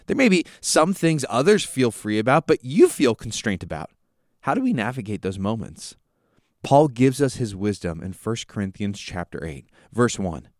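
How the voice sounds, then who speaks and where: A man's voice: medium pitch, a little mellow, no echo, studio quality. A man hosting a Bible teaching podcast, explaining scripture through vivid, conversational storytelling. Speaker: podcast host.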